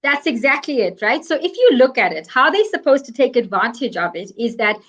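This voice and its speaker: A woman's voice: a little high, big pitch swings, fairly quick. A woman from Africa, speaking as a guest expert in an interview, explaining earnestly and stressing her points with repetition. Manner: emphatic, earnest, repeats key points.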